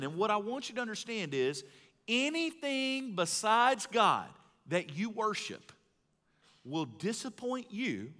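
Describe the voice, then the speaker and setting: A middle-aged man from Mississippi, preaching a live sermon in a folksy storytelling way that swings between loud and hushed. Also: high voice. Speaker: pastor. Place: large church hall. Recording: live hall with long reverb.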